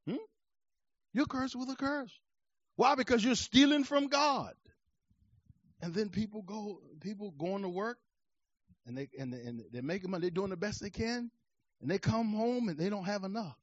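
A man preaching a sermon, swinging from quiet asides to shouted emphasis in a rhythmic cadence, laughing between points. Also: sits high, moderate pace, long pauses, no room sound, dull audio.

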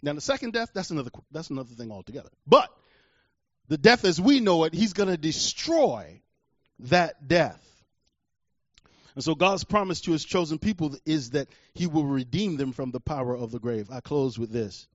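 A man preaching a sermon, dramatic, swinging between hushed lines and shouted ones. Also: fairly high pitch, expressive, measured pace, no room sound, dull audio.

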